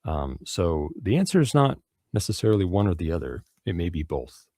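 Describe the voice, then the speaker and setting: A man with a very low voice talks through the news in a loose, rambling way. He swears freely and trips over restarts and fillers. His voice sounds close and dry. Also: very animated, brisk, mellow, no room sound. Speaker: radio show host. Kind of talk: casual news commentary.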